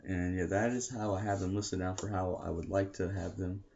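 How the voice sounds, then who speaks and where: A young American man with a low voice rambles casually to camera and keeps correcting himself with lots of fillers. The sound is dull and lo-fi, like a basic home recording. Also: level tone, moderate pace, gravelly, a little mellow, slight background noise. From United States. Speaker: language learning vlogger.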